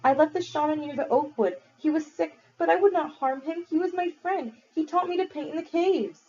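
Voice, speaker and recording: A woman's voice: high voice, brisk, a little mellow, pitched above the performer's own voice, lightly acted. A woman voicing a frightened young boy who pleads earnestly. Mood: pleading. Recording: dull lo-fi recording.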